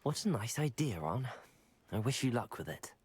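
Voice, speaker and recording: Young student wizard, soft breathy voice, lively but composed. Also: male voice, medium pitch. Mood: kindly. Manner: calm, measured spellcasting calls. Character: young male wizard student, calm hero.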